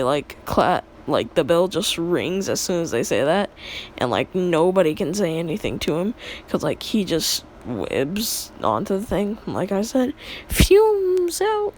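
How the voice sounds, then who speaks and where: A woman's voice: low voice, slight background noise. A young woman casually retelling a made-up story in a rambling, filler-heavy way, laughing at her own jokes.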